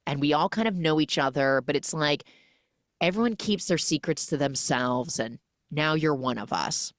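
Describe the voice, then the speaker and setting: A woman voicing a charming, whimsical young man who talks softly and earnestly. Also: low-pitched, normal speed, no echo, clean studio sound, natural voice. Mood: gentle.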